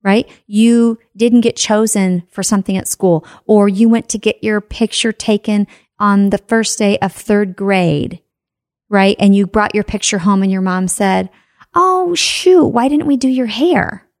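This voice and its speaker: A woman's voice: medium pitch, flat delivery, a little slow, a little mellow, no echo, studio quality. Emphatic woman giving a motivational talk. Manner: emphatic, rhetorical questions, frequent "right?". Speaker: personal growth speaker.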